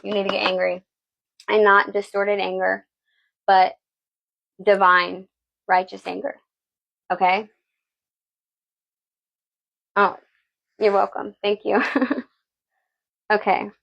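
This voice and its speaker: A woman's voice: medium pitch, flat delivery, slow, creaky, pauses often, fairly bright tone, muffled recording. A woman giving a tarot reading, blunt and preachy, swearing freely and asking "okay?" again and again. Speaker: tarot reader. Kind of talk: live tarot reading talk.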